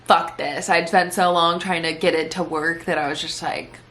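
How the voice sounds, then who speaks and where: A woman's voice: fairly low pitch, level tone, normal speed, fairly bright tone. A young woman vlogging casually at home about her day, chatty and emotional, saying "like" a lot. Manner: chatty and emotional, heavy use of "like". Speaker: vlogger and podcaster. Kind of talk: casual day-in-my-life vlog talk.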